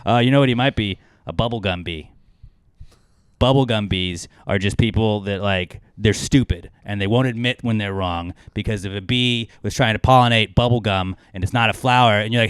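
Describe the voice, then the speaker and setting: A man hosting a casual podcast, cursing freely and getting loud as he acts out insults. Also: mid-range voice, brisk, clear, resonant tone, no echo. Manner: profane, animated, swings loud when acting out insults. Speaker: podcast host.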